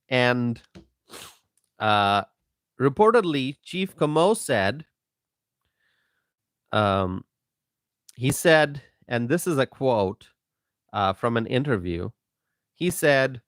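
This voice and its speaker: Slow, emphatic man hosting a live stream. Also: mid-range voice, very animated, fairly bright tone, dry recording, studio quality. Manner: slow, emphatic, repeats himself, greets viewers by name. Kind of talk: political commentary live stream.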